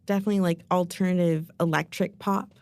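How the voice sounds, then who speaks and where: A woman's voice: lowish voice, steady tone, fast, a little mellow. A young woman from Oklahoma, a singer, chatting casually as a podcast guest with wry, sarcastic humor. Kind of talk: casual interview chat.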